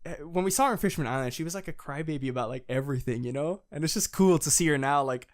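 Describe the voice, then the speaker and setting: A man co-hosting a podcast in casual chat, excited and profane, often acting out characters' lines. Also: on the high side, quick pace. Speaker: podcast co-host.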